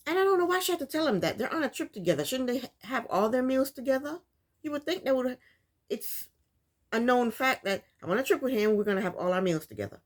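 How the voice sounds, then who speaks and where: A woman's voice: high-pitched, big pitch swings, fast. A woman vlogger recapping a reality TV episode in casual, opinionated commentary, exasperated and loose, with frequent restarts. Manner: loose, full of restarts and fillers.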